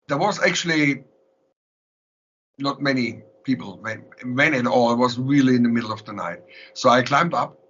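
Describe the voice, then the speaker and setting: A man with a German accent telling animated stories in an interview, often laughing and restarting his sentences. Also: medium pitch. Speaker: interviewed musician. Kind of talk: storytelling in an interview. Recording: lo-fi recording.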